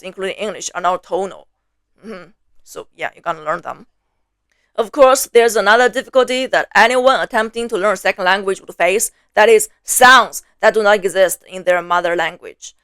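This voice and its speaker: A woman with a Mandarin Chinese accent gives a language lesson, friendly and explanatory, checking in with rhetorical questions. Her voice sits at a middle pitch. The recording is dry and close, with no room sound. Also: moderate pace, a bit bright, clean tone, dry recording. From China. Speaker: language teacher.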